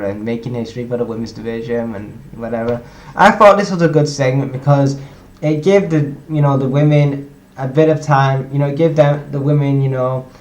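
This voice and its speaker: A young man casually recapping a wrestling show, rambling and restarting his sentences with lots of ums. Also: medium pitch. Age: young adult. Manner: rambling, repeats himself, frequent "obviously" and "um". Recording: roomy echo.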